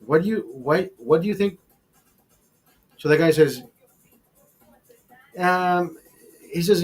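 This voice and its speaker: A man hosting a casual podcast, telling a long profane story in a rambling, animated way. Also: on the high side, slow pace, pauses often, slightly rough, soft background music. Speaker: podcast host.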